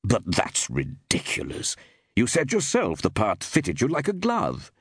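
A man reading aloud, voicing a composed gentleman who speaks in a measured, politely probing way. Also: mid-range voice, wildly swooping pitch, husky, no echo, clean studio sound, pitched above the performer's own voice, full character voice.

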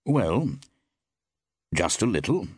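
A man reading aloud, voicing a composed gentleman who speaks in a measured, politely probing way. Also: low voice, very animated, breathy edge, no echo, studio quality, heavily acted.

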